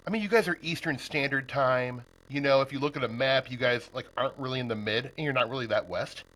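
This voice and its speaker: A man's voice: medium pitch, quick pace, bright, forceful tone, low-quality recording. A man from Nebraska hosting a podcast, chatting casually and laughing often with his guest. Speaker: podcast host. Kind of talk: casual interview chat.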